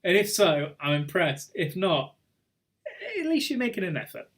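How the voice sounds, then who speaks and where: A man with a bright, high voice runs a relaxed online pub quiz, reading out names and scores and ribbing the players. He talks into a video call mic in an easygoing, chatty way. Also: moderate pace. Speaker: quiz host.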